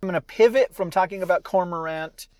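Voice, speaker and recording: A man who writes and performs audio stories, talking about his work in a casual, reflective monologue. He muses aloud and sounds animated and amused with himself. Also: sits high, brisk, no echo. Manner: musing, animated, self-amused.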